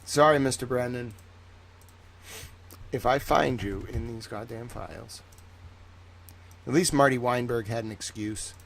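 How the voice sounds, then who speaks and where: A man's voice: medium pitch, unhurried, gravelly, pauses often, fairly bright tone. A man giving rambling, reactive commentary on a livestream, swearing freely.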